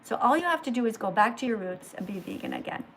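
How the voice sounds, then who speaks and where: A woman hosting a livestream, lecturing slowly and emphatically like a teacher. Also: a little high, expressive, a little hiss or hum. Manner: slow, emphatic teacher-like delivery. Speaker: livestream host.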